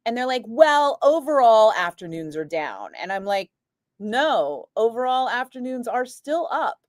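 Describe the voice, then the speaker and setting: A woman radio DJ chatting casually, telling an animated story and acting out what others said, with lots of "like" fillers. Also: on the high side, unhurried, no echo, studio quality. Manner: animated, acts out quoted voices, frequent "like". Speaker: radio DJ chatting with a live stream. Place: radio studio. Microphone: studio microphone.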